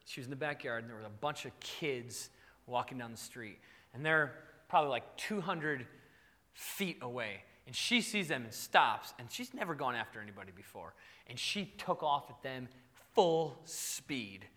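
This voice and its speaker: A man's voice: mid-range voice, normal speed, big-room sound. A male pastor preaching, telling playful stories with frequent laughter. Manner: animated, playful storytelling. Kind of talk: sermon.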